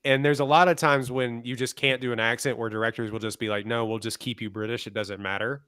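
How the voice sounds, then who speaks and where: A young man co-hosting a podcast and chatting casually in a gossipy, wry way. His voice is smooth and resonant. The sound is dry and close. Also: mid-range voice, fairly even intonation, fast talker, a bit bright, dry recording. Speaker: podcast co-host. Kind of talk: casual chat.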